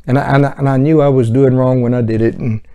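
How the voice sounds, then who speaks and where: A man's voice: mid-range voice, fairly even intonation, fast, mellow, smooth, natural voice. A man voicing a remorseful husband who pleads with God for favor in a self-pitying whine.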